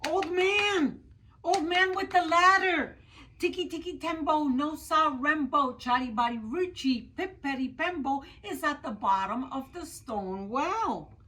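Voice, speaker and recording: Woman reader as small dutiful boy, frantic, shouting urgently; storybook read-aloud. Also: sits high, animated, takes it slowly, pitched above the performer's own voice, full character voice.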